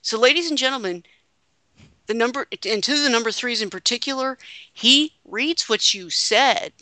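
A woman's voice: on the high side, moderate pace, pushed and bright, no room sound. A woman hosting a casual podcast chat, reading quotes aloud with joking asides. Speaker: podcast host.

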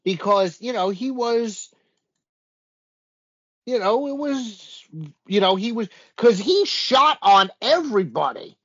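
A man's voice: sits high, lively intonation, slow, pauses often, a bit bright, husky. A man co-hosting a casual wrestling chat, recapping events in a rambling way with lots of fillers. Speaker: podcast co-host. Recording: dull lo-fi audio.

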